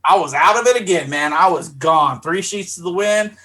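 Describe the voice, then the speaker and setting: A middle-aged man co-hosting a podcast, telling a rowdy story in a casual, profane and animated way. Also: high-pitched, normal speed. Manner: animated, profane, acts out his own voice in quotes. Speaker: podcast co-host.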